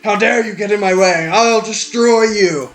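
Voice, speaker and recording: A man doing a raging villain who shouts threats. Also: high voice, moderate pace, soft background music, voice pushed up. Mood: enraged. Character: angry male villain, threatening and enraged.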